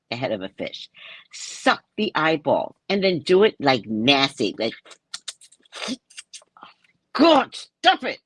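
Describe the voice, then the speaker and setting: Woman in her sixties, husky voice, slow unhurried talk, playful live-stream chat, dry close sound. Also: very deep voice, dry recording. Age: 60s. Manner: animated and playful, laughing as she talks. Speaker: live stream host and psychic reader. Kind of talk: casual live chat answering comments.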